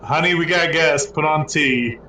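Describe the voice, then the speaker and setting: A man's voice: a little high, measured pace, bright, forceful tone, reverberant, distant mic, slight background noise, pitched above the performer's own voice, low-quality recording. A man voicing a weathered, friendly male firbolg woodsman who welcomes guests in a tabletop game. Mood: welcoming. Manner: genial, welcoming. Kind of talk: tabletop game role-play.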